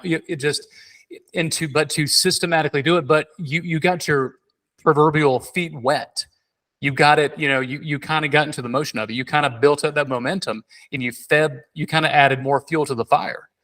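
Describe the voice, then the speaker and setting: A man hosting a podcast in casual chat, telling animated stories with many fillers and restarts. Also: medium pitch. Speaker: podcast host.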